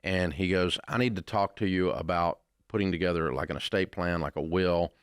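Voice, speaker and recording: An older man with a Southern American accent, a radio host being interviewed, answers with blunt, folksy stories. His low voice is steady, clear, and resonant, his delivery brisk, and the studio recording is clean with no room sound.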